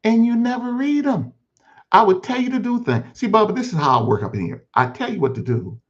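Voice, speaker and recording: A man's voice: sits high, big pitch swings, fairly quick, voice pushed up. A man voicing God as a patient, fatherly male Lord who coaxes and repeats himself in a one-man sermon skit. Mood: coaxing. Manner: coaxing, pastoral, repeats himself. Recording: dull lo-fi recording.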